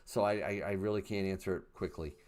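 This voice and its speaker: A man in his fifties hosts a casual livestream, reading chat questions aloud and answering chattily with fillers and laughter. His low voice is fairly even in intonation with a darkish tone, and he talks fast.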